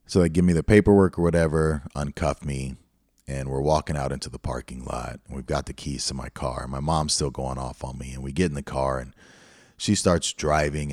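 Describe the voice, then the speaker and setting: A man's voice: very deep voice, a little mellow, no echo, clean studio sound. A middle-aged man hosting a podcast, telling a personal story in a candid, reflective way. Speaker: podcast host. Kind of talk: storytelling monologue.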